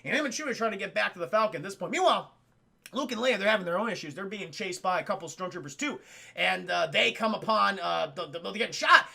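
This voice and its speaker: A man retells a film for his live chat in a loose, animated way, joking and cursing freely. His voice sits high and very bright with a gravelly fry. He sounds like a casual streamer talking off the cuff. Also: fast talker. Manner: animated, profane, jokey.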